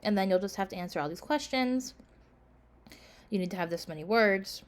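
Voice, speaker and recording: Expressive and a little fast, a mid-range woman's voice runs through course announcements for a class. The college instructor sounds tired, yawns, and speaks casually with frequent "um" and "like."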